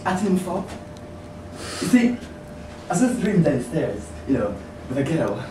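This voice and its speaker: A performer playing an excitable young man who tells a rude tale while giggling and shrieking. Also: medium pitch, normal speed, distant mic, lightly acted. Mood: giggly. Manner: giggling, shrieking, breathless storytelling. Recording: echoey room from afar, hissy.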